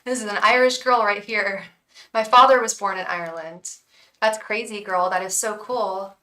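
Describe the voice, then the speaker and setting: An American woman gives a live tarot reading in a bright, sharp voice, chatting with viewers and chanting invocations over and over. She sits a little back from the mic, so the sound sits at a slight distance. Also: mid-range voice, fairly even intonation, normal speed. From United States. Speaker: tarot reader and psychic.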